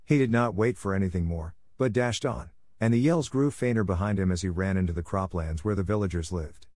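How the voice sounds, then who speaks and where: A man with a fairly low voice reads a classic story aloud in a measured, even manner. The sound is close and dry, with no room around it. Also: no echo. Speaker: narrator. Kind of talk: audiobook reading.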